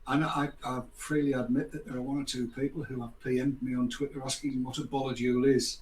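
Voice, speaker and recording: A man's voice: medium pitch, little pitch movement, fast talker, a little mellow. An older man hosting a casual chat, rambling and sarcastic, with mock apologies. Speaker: host. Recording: echoey room, faint background noise.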